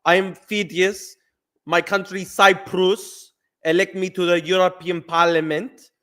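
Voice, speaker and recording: A man putting on a slow, exaggerated accent to mock a male politician from Cyprus. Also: sits high, a bit bright, pitched above the performer's own voice. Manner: mocking impression, slow and exaggerated.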